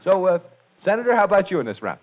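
A man hosting a 1940s radio comedy show with brisk, jovial emcee patter. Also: sits high, very animated. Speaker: quiz show host. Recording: tinny 1940s radio with studio audience.

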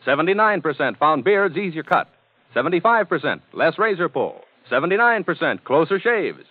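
A man's voice: a little high, sing-song, normal speed. A man announcing a 1940s radio commercial in an emphatic, punchy sales read. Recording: dry tinny 1940s radio.

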